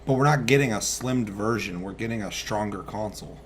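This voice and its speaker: A young man co-hosting a casual gaming news chat, loose and excitable, swearing casually. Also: lowish voice, brisk, slight background noise. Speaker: co-host.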